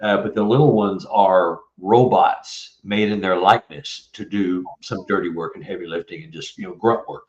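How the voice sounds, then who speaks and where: Through a distant, muffled and roomy mic, a low-pitched man in his seventies from Texas tells a long story as a guest author in an interview. He talks at a normal speed with few pauses, rambling and often restarting.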